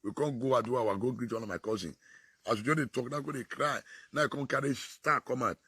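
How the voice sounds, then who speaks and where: A man's voice: mid-range voice, fast talker, husky, dry recording. A man with a Nigerian accent, talking about society in casual Pidgin with an exclamatory delivery. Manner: animated, exclamatory.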